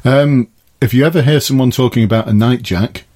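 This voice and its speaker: Brisk and mid-range with a darkish tone, this man is a middle-aged former cop hosting a podcast from the summer house in his garden. The talk is casual advice, and he often laughs at his own jokes.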